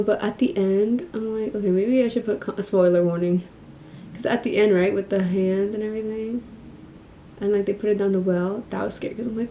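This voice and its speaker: A young woman vlogger chatting casually while doing her makeup, soft-spoken and a little mumbly, with lots of fillers. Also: medium pitch, a little fast.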